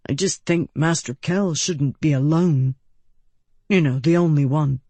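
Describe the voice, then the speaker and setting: A woman's voice: sits low, unhurried, mellow, no room sound. A woman voicing an earnest, bashful young male guard who speaks shyly. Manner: shy, earnest.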